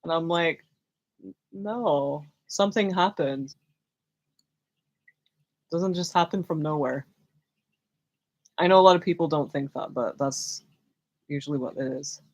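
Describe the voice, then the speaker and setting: This young woman has a deep voice, a moderate pace and frequent pauses as she hosts a spiritual question-and-answer livestream. She chats in a rambling way, giggles, and keeps restarting and using fillers, a little self-consciously.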